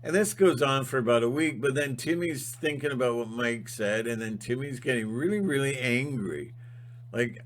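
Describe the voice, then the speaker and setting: A man giving a rambling spiritual monologue, halting and restarting often. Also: medium pitch, fairly bright tone. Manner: halting, full of fillers and restarts. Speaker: channel host.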